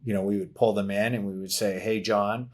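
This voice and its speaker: A man's voice: lowish voice, steady tone, brisk, darkish tone. A man appearing as a podcast guest, a martial arts business consultant explaining step by step, with many fillers. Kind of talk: casual podcast conversation.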